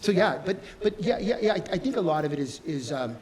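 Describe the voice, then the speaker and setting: A man, a fashion designer, answering audience questions with candid, animated storytelling and acted-out dialogue. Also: high voice, fast talker, a little hiss or hum. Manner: animated, acts out quoted dialogue.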